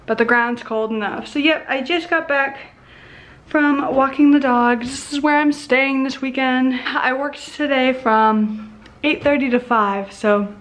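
A woman's voice: high voice, a little slow, a bit bright. A young woman chatting casually in a home vlog, a bit out of breath and tired, sometimes cooing at dogs in baby talk. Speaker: vlogger. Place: house, indoors.

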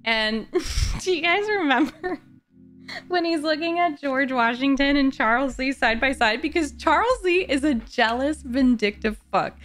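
A woman's voice: sits high, a little slow, a bit bright. A woman YouTuber chatting casually to camera as a fan, gushing and rambling with frequent "like" and the odd swear word. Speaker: gaming YouTuber discussing a book.

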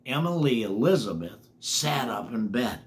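A man's voice: medium pitch, sing-song, a little slow. Chatty grandfather reading a storybook. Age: older. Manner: chatty, asks the kids questions between pages. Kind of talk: reading a picture book to children.

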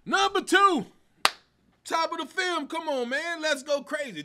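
A middle-aged man, a comedian, counting down songs in a casual, animated way, swearing, laughing and breaking into snatches of song. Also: very high-pitched, measured pace, noisy background. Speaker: comedian host.

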